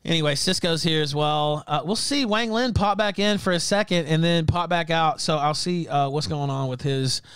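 A man's voice: a little high, normal speed, few pauses, smooth, dry recording. Combative male livestream host, dry sound. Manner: confrontational, shouting insults at callers. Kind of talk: livestream call-in show.

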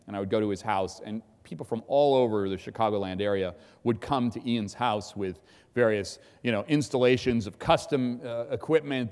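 A middle-aged man giving a keynote speech, an animated storyteller who acts out shouting. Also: mid-range voice. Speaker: keynote speaker. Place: large event hall. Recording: long hall reverb.

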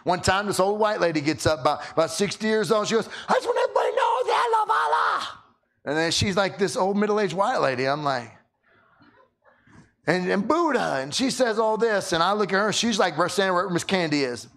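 High, animated man preaching a sermon. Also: a little fast. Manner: animated, repeats words when starting sentences. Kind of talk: sermon with storytelling.

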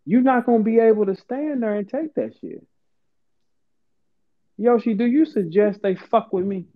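A man hosting a heated live audio chat, profane, taunting and boastful, swinging from low mutters to high outbursts. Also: normal speed. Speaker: host of an online audio room. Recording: tinny phone-line audio.

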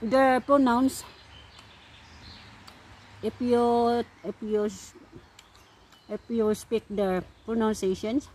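A woman's voice: fairly high pitch, darkish tone. A woman from the Philippines, vlogging casually on an outdoor walk, laughing often and restarting her sentences. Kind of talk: casual vlog chat.

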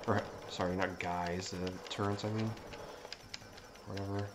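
Swearing, lower-voiced man streaming a game. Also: a little slow, background noise. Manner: swears constantly, excitable outbursts. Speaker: let's play streamer. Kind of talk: live gameplay commentary. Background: game music.

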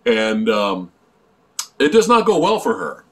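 A man's voice: fairly low pitch, a little slow. A man co-hosting a casual movie review, eagerly retelling scenes and often chiming in with agreement. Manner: animated storyteller, frequent agreeing "yeah". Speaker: co-host of a horror movie review vlog.

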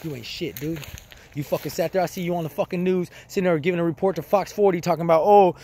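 A man in a furious, profane rant, hurling rapid insults. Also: a little high, a little mellow, slight background noise. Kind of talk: angry rant.

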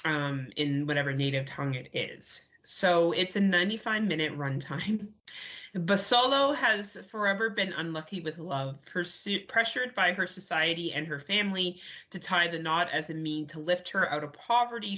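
A woman's voice: lowish voice, sharp tone. A woman co-hosting a podcast, chatty and giggly as she talks about movies. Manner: giggly, chatty, laughs a lot. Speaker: podcast co-host. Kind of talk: casual movie review chat.

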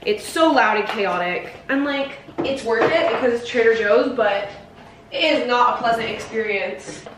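A woman's voice: on the high side, normal speed. A young woman talking casually to camera at home, chatty and filled with "like", doing a daily vlog. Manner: chatty, talks straight to camera, lots of "like". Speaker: vlogger. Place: at home in an apartment. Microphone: camera mic. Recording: roomy, from a distance, faint noise.

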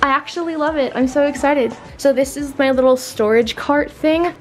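A woman's voice: high voice, moderate pace. A young woman, a college freshman, chatting casually and enthusiastically as she vlogs unpacking in her dorm room, often saying "literally" and "like.". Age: young adult. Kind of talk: casual vlog narration. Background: music playing in the room.

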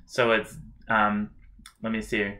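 Man teaching drum syllables over loud drumming. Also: fairly low pitch, monotone, slow, over loud music. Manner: breaks into loud rhythmic chanting of syllables. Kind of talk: instructional demo, chanting drum syllables.

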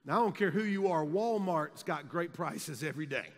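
A man, telling jokey stories in an energetic sermon to students in a large conference hall. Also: fairly high pitch, normal speed, slight background noise. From South Carolina, US. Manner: energetic, jokey, builds to shouts. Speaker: youth conference speaker. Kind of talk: humorous storytelling sermon.

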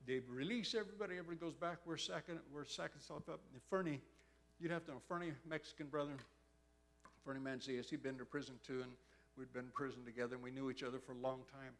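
A man's voice: mid-range voice, fast. A man preaching a sermon, telling a story and acting out the voices of the people in it. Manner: animated, acts out quotes with a raised excited voice. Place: church.

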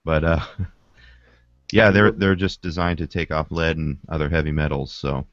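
A man's voice: a bass voice, level tone, normal speed, dry recording. A man co-hosting a podcast, explaining a product hesitantly and repeating words. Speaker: podcast co-host. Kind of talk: casual chat. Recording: dull lo-fi podcast audio.

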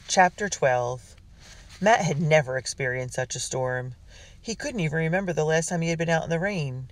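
A man with a fairly high voice narrates a children's adventure audiobook at normal speed. The scripted reading is steady, with minor slips and restarts, and he performs voices for the characters.

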